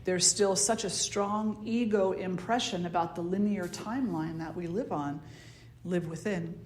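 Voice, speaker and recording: Speaking softly to a small circle, a woman spiritual teacher with a New Jersey accent gives a conversational talk, sometimes voicing the ego in quoted asides. Her voice is lowish and her pace measured, with roomy echo and a little hiss or hum.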